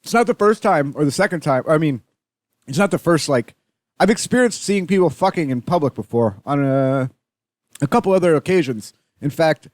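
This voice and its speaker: A man's voice: fairly high pitch, no room sound, studio quality. A young Canadian man hosting a podcast, telling stories in a profane, rambling, casual monologue. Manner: profane, rambling, animated when retelling. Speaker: podcast host.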